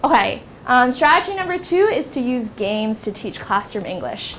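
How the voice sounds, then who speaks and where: A woman's voice: on the high side, very animated, normal speed, fairly bright tone, a little hiss or hum. A young American woman teaching a teacher-training workshop in a classroom, speaking casually with many fillers like "like" and "um". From United States. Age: young adult. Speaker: workshop instructor.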